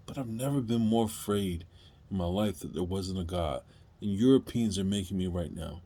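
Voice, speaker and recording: Husky man in an impassioned monologue. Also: low voice, moderate pace. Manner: emphatic, pleading, rising to loud outbursts. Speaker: video commentator.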